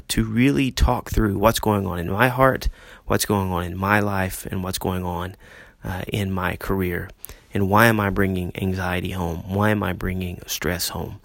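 A man's voice: low voice, fairly even intonation, unhurried, gravelly, no echo. A middle-aged man, a pastor hosting his own podcast, talking earnestly about marriage with frequent "uh" fillers and repeated key questions. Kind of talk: solo podcast talk on marriage.

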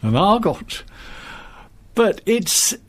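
A man's voice: high-pitched, big pitch swings, very slow, husky. A man taking part as a guest in a conversational film discussion, talking articulately with wry opinions. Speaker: guest commentator.

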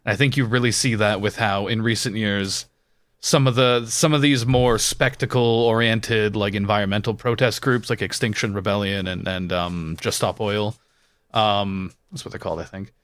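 A man's voice: on the low side, fairly even intonation, normal speed, a bit bright, no room sound, studio quality. A man with an Essex English accent in casual podcast chat, talking in a sardonic, sweary way. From Essex, England.

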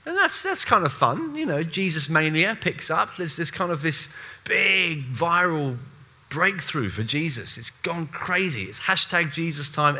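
A man preaching a sermon in a conversational, animated way, with playful asides and voiced quotes. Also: on the high side.

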